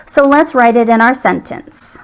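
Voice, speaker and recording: A woman's voice: on the high side, animated, normal speed, poor audio. A woman teacher patiently walking young children through a writing lesson.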